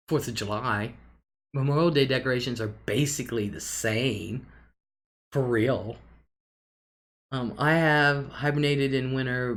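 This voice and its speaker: Chatty woman hosting a livestream. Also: a bass voice. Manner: chatty, reads viewer comments aloud, laughs often. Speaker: livestream host. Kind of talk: casual livestream chat.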